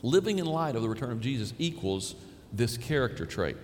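A man's voice: mid-range voice, very animated, brisk. A male pastor preaching a sermon in a conversational, emphatic way, repeating key phrases for stress. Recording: long hall reverb, faint room noise.

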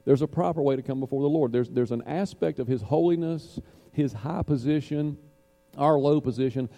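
A man's voice: medium pitch, warm tone. A man preaching a sermon, reading scripture and explaining it in a conversational way with many asides and restarts. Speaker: pastor.

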